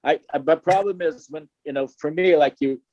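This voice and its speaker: A man joining a group discussion as a guest over a video call, hesitant and halting, often trailing off. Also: on the high side, a little mellow, no room sound. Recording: dull, muffled call audio.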